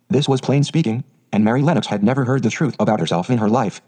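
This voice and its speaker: A man reading a storybook aloud in a steady, even narrating voice. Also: medium pitch, fast, few pauses, breathy edge. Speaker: audiobook narrator.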